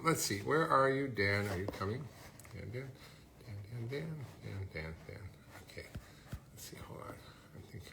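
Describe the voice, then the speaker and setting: Middle-aged guy doing a phone live stream, chatty and upbeat, bright voice. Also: mid-range voice. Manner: chatty, upbeat, reading out viewer greetings. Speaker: host. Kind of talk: casual livestream chat. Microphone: phone livestream.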